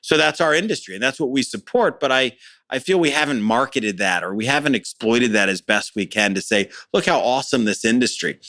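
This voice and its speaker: A man's voice: medium pitch, animated, a little fast, bright, forceful tone, no echo. A middle-aged man talking as a business owner in a conversational interview, enthusiastic and plain-spoken, often repeating words as he starts a phrase.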